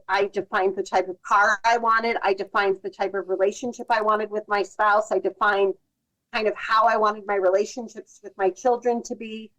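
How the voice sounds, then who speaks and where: A woman's voice: medium pitch, poor audio. Woman guest on a podcast, talks things thru thoughtfully, medium voice. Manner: thoughtful, restarts sentences. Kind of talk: casual advice conversation.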